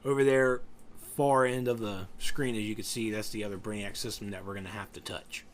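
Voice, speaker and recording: A man's voice: fairly low pitch, fairly even intonation, brisk, a little hiss or hum. Tired man giving rambling game commentary. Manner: rambling, joking, often trails off to recall names. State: tired, yawning. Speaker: gameplay guide commentator. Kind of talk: casual game walkthrough commentary.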